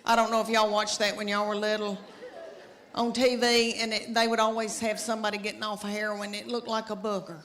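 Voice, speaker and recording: A woman's voice: medium pitch, level tone, a little fast, fairly bright tone. A middle-aged woman telling stand-up comedy stories in a chatty, self-mocking way, with folksy asides to the crowd. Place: stage before a live audience. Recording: live stage recording with long reverb.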